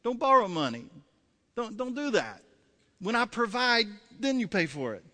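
A man voicing God as a patient, fatherly figure who gently corrects and reminds. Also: very high-pitched, big pitch swings, moderate pace, big-room sound, voice pushed up, exaggerated voice.

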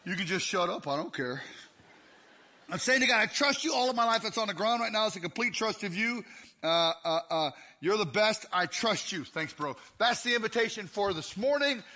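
A man preaching a lively, joking sermon in a church, often shouting out to the crowd. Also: high-pitched, a little fast. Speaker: guest preacher. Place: church sanctuary.

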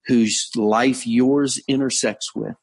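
A man, a pastor, telling a story in a conversational sermon, earnest, slowing down to stress key points. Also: mid-range voice, steady tone, gravelly, slightly rough. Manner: earnest storytelling, frequent restarts and slowed emphasis. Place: on location abroad.

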